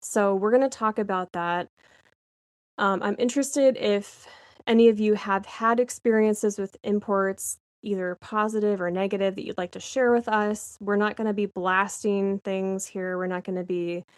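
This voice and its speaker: A woman's voice: mid-range voice, fairly even intonation, moderate pace, no room sound. Woman podcast co-host, chatty and rambling, giggles often, dry close sound. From Nebraska, United States. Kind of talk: casual chat.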